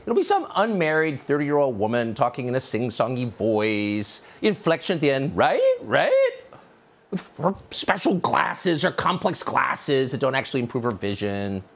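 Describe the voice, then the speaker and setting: A man's voice: medium pitch, expressive, moderate pace, hardly any pauses, fairly bright tone. A man hosting a TV news opinion segment from a studio, emphatic and sarcastic. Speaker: TV news host. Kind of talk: opinion monologue.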